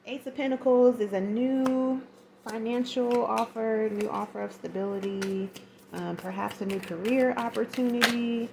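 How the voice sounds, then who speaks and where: Gravelly, chatty woman reading tarot. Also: on the high side, fairly even intonation, normal speed, warm tone, slight background noise. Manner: chatty, slangy, acts out little scenes. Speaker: tarot reader.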